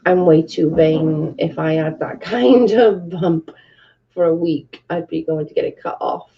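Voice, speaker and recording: A British woman with a low, unhurried voice hosts a casual livestream from her bedroom, chatting, reading viewer comments aloud and swearing freely. The recording sounds muffled.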